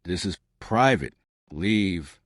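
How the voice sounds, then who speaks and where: Guy doing cold rich dad villain, clipped and condescending, lowish voice. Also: expressive, takes it slowly, a bit bright, no echo, clean studio sound, full character voice. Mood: cold menace. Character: wealthy middle-aged man, cold and menacing.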